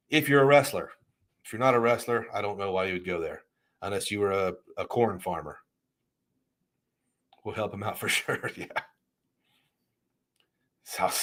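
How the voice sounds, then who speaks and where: A middle-aged man in an easygoing livestream chat with a voice of ordinary pitch. He rambles through viewer comments and often restarts his sentences. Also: a bit bright. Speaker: livestream host.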